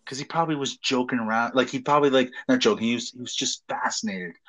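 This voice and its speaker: A man's voice: medium pitch, fast talker, fairly bright tone. A man co-hosting a casual chat, teasing and joking and often laughing. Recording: dull lo-fi sound.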